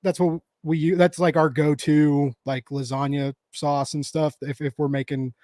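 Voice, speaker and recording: Lively man chatting, higher voice. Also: normal speed, no echo, clean studio sound. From United States. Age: 30s. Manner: rambling, laughing, full of fillers and restarts. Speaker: co-host. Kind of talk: casual chat.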